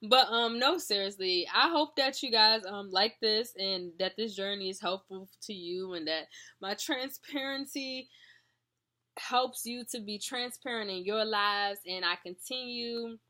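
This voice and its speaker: Bright-voiced young woman in a chatty video diary. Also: mid-range voice, measured pace. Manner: chatty, earnest, addresses viewers as y'all. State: tired, sleepy. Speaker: vlogger.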